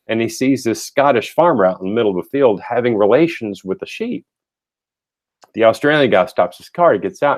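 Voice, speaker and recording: A man with a fairly low voice hosts a relaxed webinar. He talks loosely, cracks jokes and stumbles over his words with many fillers and restarts. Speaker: host. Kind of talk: casual webinar talk.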